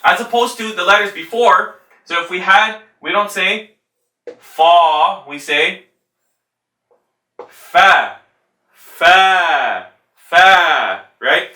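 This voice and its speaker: A male Quran recitation teacher giving a tajweed lesson, patiently demonstrating letter sounds slowly and repeating them. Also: high voice, pushed and bright. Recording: roomy sound from a distant mic.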